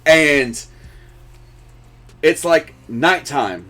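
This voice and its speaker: Profane, animated storytelling man. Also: fairly high pitch, drawn-out words. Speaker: co-host. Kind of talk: casual chat.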